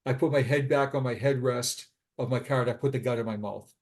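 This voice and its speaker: An earnest middle-aged man, a retired police sergeant, tells a personal story as a guest on an interview podcast over a remote call. His voice is medium-pitched, steady, and darkish in tone, and his retelling is halting, with frequent repetitions.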